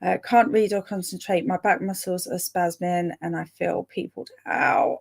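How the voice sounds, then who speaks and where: Gravelly, chatty woman reading live chat. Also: fairly low pitch, moderate pace. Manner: chatty and excitable, breaks into laughs and sudden whispers. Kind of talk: casual chat with live viewers.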